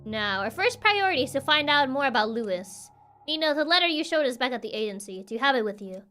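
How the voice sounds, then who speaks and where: A woman voicing a calm, composed detective. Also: high-pitched, soft background music, full character voice. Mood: reassuring. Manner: measured, reassuring. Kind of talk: reading game dialogue aloud.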